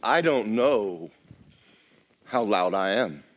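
A middle-aged man delivers a sermon in a church, his voice sitting on the low side. He preaches loudly and with life, then suddenly drops to a near whisper. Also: slow. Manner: loud, lively preaching with sudden drops to a hush. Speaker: pastor.

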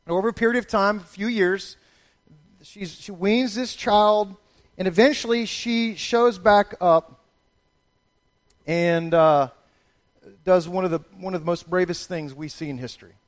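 A middle-aged male pastor preaching a sermon, animated and storytelling, slipping into playful voices for the people in the passage. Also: sits high, unhurried, long pauses.

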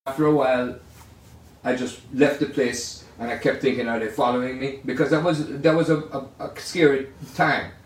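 An older man, a jazz pianist, telling rambling, animated stories in a casual way. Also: mid-range voice, normal speed. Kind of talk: casual storytelling. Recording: roomy sound from far off.

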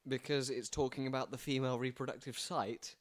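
A man's voice: medium pitch, steady tone, fairly quick. A young man guest on a casual podcast, teasing the others in a dry, mock-formal way. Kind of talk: casual chat.

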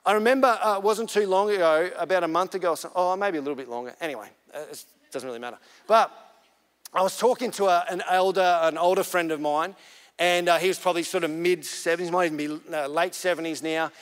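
A man with a fairly high voice preaches to his congregation, moving from easy storytelling to firm, emphatic points. His words ring out with the long reverb of a church hall. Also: quick pace. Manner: earnest, conversational storytelling that builds to emphatic points. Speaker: pastor. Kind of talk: sermon.

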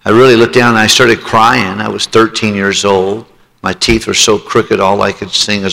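A man's voice: on the low side, steady tone, a little slow, creaky, pushed and bright. A man preaching a sermon, telling his own testimony and pleading with listeners to respond. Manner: emotional testimony, rising to pleading altar call. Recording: long hall reverb.

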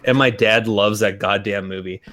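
With a lowish, bright voice, a forceful tone, and fairly even intonation, this man co-hosts a podcast at normal speed. He rambles casually, restarting sentences, using lots of fillers, and swearing freely.

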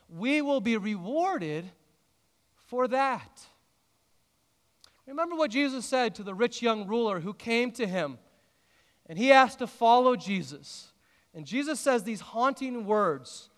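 A man preaches earnestly from the pulpit, lifting phrases for emphasis and slowing into long pauses. His voice sits high for a man. A long reverb trails his words through the church. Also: fairly bright tone. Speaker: pastor. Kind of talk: sermon.

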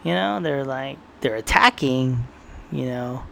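A man's voice: mid-range voice, animated, unhurried, creaky, a bit bright, slight background noise. A young man talking casually and profanely in a rambling podcast monologue, often quoting his own thoughts. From San Diego area, United States. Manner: rambling and profane, tells stories with quoted inner thoughts.

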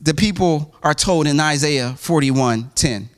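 Pastor, male, high-pitched, casual and conversational sermon delivery with restarts, breaks into animated impressions of quoted speakers. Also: unhurried. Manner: conversational preaching with many restarts and asides; acts out quoted voices with big pitch jumps.

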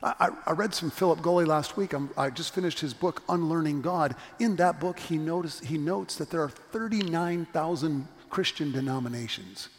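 A middle-aged pastor whose voice sits on the high side preaches at a moderate pace, hardly pausing. His sermon in the church sanctuary centers on an earnestly told story with a point he stresses repeatedly, under the long reverb of a church hall.

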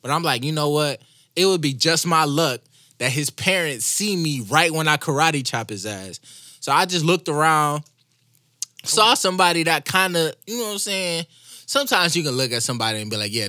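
A young man co-hosting a podcast, telling a story in a casual, swearing, animated way and acting out the quotes. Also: on the high side, normal speed, no echo, studio quality. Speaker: podcast co-host.

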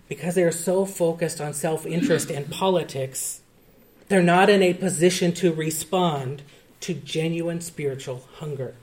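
A male pastor delivering a sermon in an earnest, measured way, with emphatic rises. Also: fairly high pitch, darkish tone.

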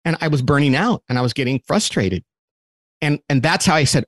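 Animated man telling stories, dry sound. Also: on the high side, brisk, no room sound. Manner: animated, acts out quotes in different voices; repeats words when restarting. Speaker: company CEO and guest. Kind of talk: interview guest explaining a model.

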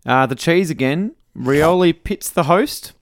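In clean studio audio without room sound, a middle-aged Australian man reads listener messages on his casual podcast, cracking jokes. His voice sits on the high side, with lively intonation and a slightly slow pace.

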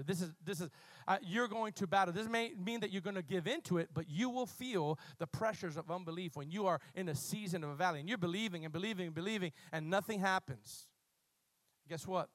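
High-voiced preaching man, dry close sound. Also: brisk, no echo. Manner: passionate preaching, swinging from loud bursts to low quiet asides; calls on the congregation to repeat words. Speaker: pastor. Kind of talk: sermon.

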